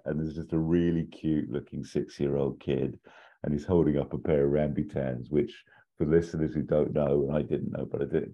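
Very deep-voiced man, playful storyteller. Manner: animated, jumps into silly high voices for characters. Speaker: podcast co-host pitching an imagined sequel. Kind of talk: casual comedic storytelling. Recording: dull lo-fi sound.

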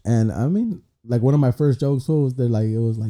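A man's voice: medium pitch, brisk, few pauses, dark tone. A young man, a guest comedian rambling through stories in casual, slangy podcast chat. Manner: rambling storyteller, slangy, peppered with 'bro'.

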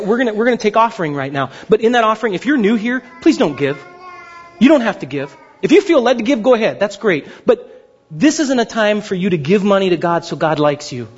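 High, animated pastor telling a story. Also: male voice, slightly rough, dull audio. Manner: animated storytelling with frequent laughter and repeated words. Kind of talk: sermon with personal story.

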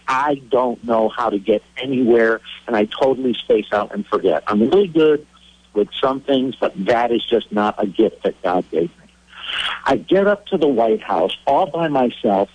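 Husky man telling a lively anecdote. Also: no room sound, poor audio. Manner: animated anecdote teller, pitch climbing when excited. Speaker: cartoonist guest. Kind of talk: phone interview storytelling.

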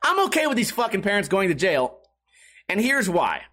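A young man with a high voice reads articles aloud and riffs on them. He swears a lot, rambles and restarts his sentences mid-thought. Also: wildly swooping pitch, normal speed, sharp tone. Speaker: streamer reacting to news articles. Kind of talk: casual profane commentary.

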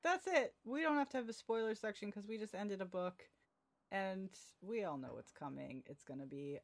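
A woman's voice: medium pitch, animated, moderate pace. A woman hosting a casual book-club podcast, upbeat and teasing, laughing easily with her co-hosts. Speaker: podcast host.

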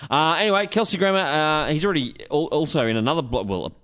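A man's voice: on the high side, animated, fast talker, fairly bright tone. An Australian man hosting a casual podcast chat, rattling off movie news and swearing freely. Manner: chatty, swears, reels off news. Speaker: podcast host.

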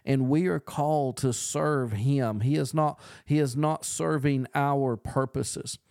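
Slow, smooth-voiced man preaching. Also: mid-range voice, fairly even intonation, a little mellow, no room sound, clean studio sound. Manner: earnest, repetitive emphatic preaching. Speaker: podcast preacher. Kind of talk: podcast sermon teaching.

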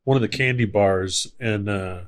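A man co-hosting a casual podcast, playful, slowing down to explain things. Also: on the low side. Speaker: podcast co-host. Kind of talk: casual banter.

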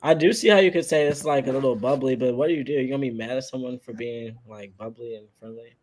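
A man's voice: medium pitch, quick pace, darkish tone. A man with an ordinary mid-range voice talks loosely on a podcast panel. He is easygoing and reasonable and drops in a dry joke now and then. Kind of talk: casual panel chat.

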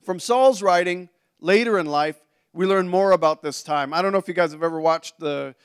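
High, smooth-voiced man preaching. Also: normal speed. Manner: conversational, with restarts and asides. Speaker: pastor. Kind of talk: sermon.

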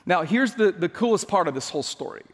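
A man with a notably high voice tells a personal story from the pulpit. He is a chatty, self-mocking storyteller who trips over his words and restarts often. His voice rings out in a big hall with a long reverb tail. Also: animated, quick pace. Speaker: pastor. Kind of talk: storytelling sermon.

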